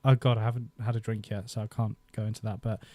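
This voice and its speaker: A man in his thirties hosts a casual live stream, rambling through old memories with frequent laughter. His voice is mellow and dark-toned, and the recording sounds dry and close. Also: fairly low pitch, little pitch movement, fast, dry recording. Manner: rambling, nostalgic, laughs often. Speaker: YouTube host. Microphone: desk microphone.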